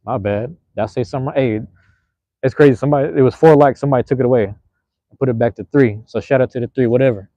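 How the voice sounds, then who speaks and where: A man's voice: medium pitch, quick pace, warm tone, dry recording, dull audio. Laid-back man rambling on a livestream. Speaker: livestream host. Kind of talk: casual solo livestream chat.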